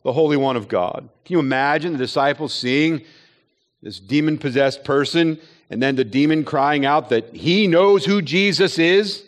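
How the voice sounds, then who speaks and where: A man's voice: fairly high pitch, moderate pace. A man preaching a sermon to a gathered audience, earnest and full of rhetorical questions, sometimes acting out quoted voices. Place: chapel or hall with an audience.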